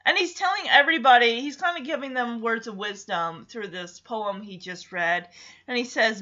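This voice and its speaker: A woman's voice: a little high, normal speed, bright, forceful tone, muffled recording. A woman casually recapping a movie, chatty and emotional as she tells the story.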